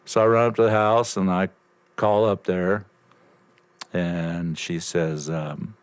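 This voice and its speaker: An older man telling a lively story as a podcast guest, swearing freely and acting out bits of conversation. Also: deep voice, takes it slowly, smooth. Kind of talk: casual storytelling.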